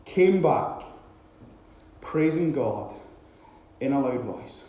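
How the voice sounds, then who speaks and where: A man preaching a sermon, retelling a scripture story with animated, repetitive emphasis, recorded in a very echoey hall. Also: mid-range voice, drawn-out words, slight background noise.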